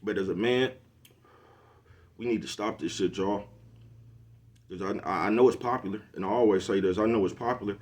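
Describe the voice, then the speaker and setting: A man's voice: lowish voice, brisk, long pauses, darkish tone. A middle-aged man, giving a preachy casual monologue to camera and constantly asking if you know what he's talking about. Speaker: social media commentator.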